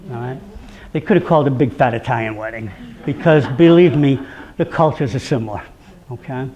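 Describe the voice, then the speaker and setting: A man's voice: medium pitch, brisk, highs cut off. A man with a Rhode Island accent giving a chatty talk to a live audience, often checking in with "okay?" and acting out quoted voices. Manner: acts out quoted voices, animated. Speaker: speaker on local traditions.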